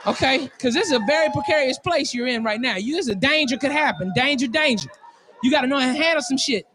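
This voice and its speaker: A male stand-up comedian telling a story, excitable and profane, often laughing at his own jokes. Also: very high voice, fast talker, a little hiss or hum.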